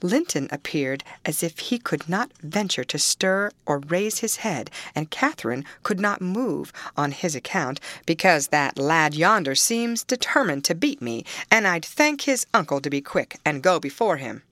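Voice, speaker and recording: Harsh scornful man read by a woman, low voice, dry close sound, audiobook. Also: big pitch swings, unhurried, few pauses, a bit bright, dry recording, exaggerated voice. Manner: mocking, curbed ferocity. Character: harsh, scornful middle-aged male landowner.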